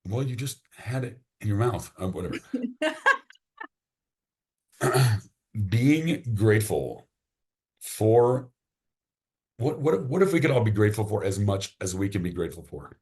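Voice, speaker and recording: A man's voice: fairly low pitch, animated, normal speed, mellow. A man, a podcast guest, chatting casually and enthusiastically, often restarting his sentences. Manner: enthusiastic, rambling, repeats words when starting sentences.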